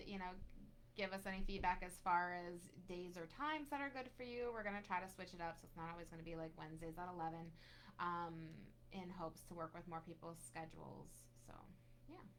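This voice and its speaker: A woman's voice: on the low side, a bit bright, slight background noise. A woman co-hosting a casual live question-and-answer session, upbeat as she reads out viewer questions. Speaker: casting director co-host.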